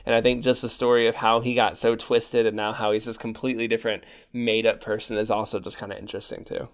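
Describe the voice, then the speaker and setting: A man's voice: lowish voice, flat delivery, quick pace. A young man co-hosting a podcast, talking casually and chattily with fillers and restarts. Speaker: podcast co-host.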